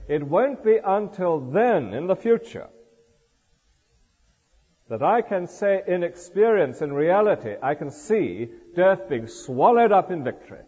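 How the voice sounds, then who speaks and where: An older man delivers an expository sermon, his pitch rising and falling with animated emphasis. His voice rings with a long church reverb, and the recording sounds dull and lo-fi. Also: a little slow, slightly rough. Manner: lively expository preaching, rhetorical asides. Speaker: preacher.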